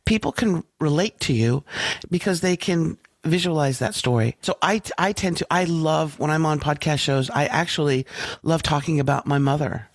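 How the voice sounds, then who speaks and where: A woman in her sixties, a branding coach, guest on a podcast, telling personal stories in an animated way with wide swings in pitch. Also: moderate pace, no echo, clean studio sound. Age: 60s. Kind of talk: conversational storytelling interview.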